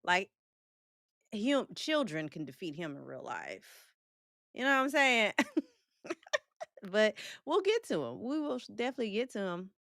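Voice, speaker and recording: A woman's voice: medium pitch, big pitch swings, moderate pace, vocal fry, long pauses, fairly bright tone, no room sound, clean studio sound. A woman hosting a casual livestream, greeting and answering her chat in a playful, joking way with frequent laughs and slang. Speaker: livestream host reading chat.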